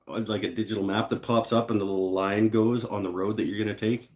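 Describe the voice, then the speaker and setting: A man's voice: on the low side, a little fast, hardly any pauses, darkish tone. A man hosting a woodworking live show, chatting in a rambling, laid-back way with casual swearing. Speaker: woodworking channel host. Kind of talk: casual live-stream chat.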